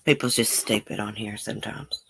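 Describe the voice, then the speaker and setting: A woman with a very deep, gravelly voice, fairly bright with a breathy edge, hosts a casual YouTube livestream at normal speed, reading and answering viewer comments. Her broad Southern country accent comes with a folksy drawl, and she's blunt, outspoken, and swears without hesitation.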